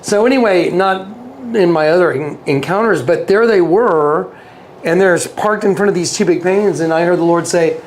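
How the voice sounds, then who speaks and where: Earnest and often repeating himself, a male interview guest tells a personal story in a casual storytelling style, acting out the dialogue he quotes. His fairly high-pitched voice keeps a moderate pace over a little hiss or hum.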